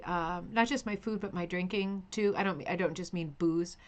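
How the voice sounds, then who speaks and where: A woman hosting a craft live stream, chatting casually and greeting viewers by name with scattered, self-interrupting talk. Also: lowish voice. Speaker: host of a rug hooking live stream.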